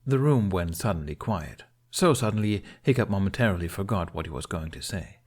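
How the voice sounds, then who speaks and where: A man reading a fan fiction chapter aloud in a steady storytelling way. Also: deep voice, fairly quick. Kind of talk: audiobook narration.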